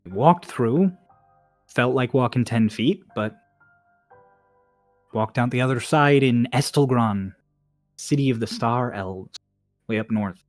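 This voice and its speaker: A blunt, easygoing Cockney woman, voiced by a man running a tabletop game, tosses off her story in clipped street slang. Her voice sits a touch high and lively over faint background music, recorded dry and close. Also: takes it slowly, long pauses, no room sound, natural voice. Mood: offhand.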